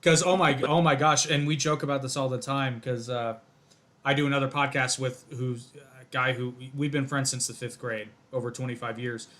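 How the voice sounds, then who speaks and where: A man in his thirties co-hosting a podcast, chatting in a friendly, quick, lively way. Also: mid-range voice, a little hiss or hum. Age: 30s. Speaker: podcast co-host. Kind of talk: casual podcast chat.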